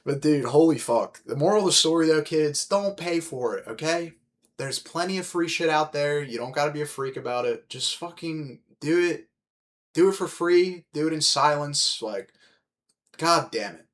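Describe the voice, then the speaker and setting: A young man hosting a podcast, telling stories in a casual, animated, heavily profane way and calling his listeners dude. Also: a little high, normal speed. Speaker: podcast host. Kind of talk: casual storytelling chat.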